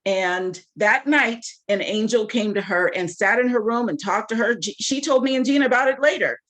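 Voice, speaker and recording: Woman, Bible study leader, animated, higher voice, casual teaching, rhetorical questions. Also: normal speed. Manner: animated, talks straight to the group with rhetorical questions.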